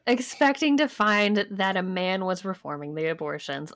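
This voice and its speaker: A woman's voice: medium pitch, sing-song, fairly bright tone. Young woman podcast host reading history notes. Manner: reads researched history notes aloud, pausing for wry asides. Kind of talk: casual podcast chat.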